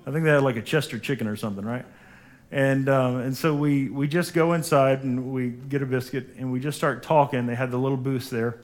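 A male pastor preaches briskly in a church sanctuary, his medium-pitched voice steady. He delivers his sermon with emphasis and asks the congregation to repeat his words.

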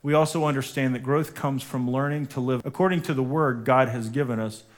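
An emphatic pastor preaching to his congregation in a church. His voice sits at a middling pitch, and he calls out for the people to repeat lines after him. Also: steady tone, brisk. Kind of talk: sermon. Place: church sanctuary.

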